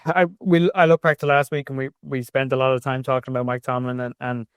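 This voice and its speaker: A man co-hosting a sports podcast, analysing in a halting way with many restarts. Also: mid-range voice, level tone, fairly bright tone, clear, resonant tone, no echo, clean studio sound. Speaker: podcast co-host.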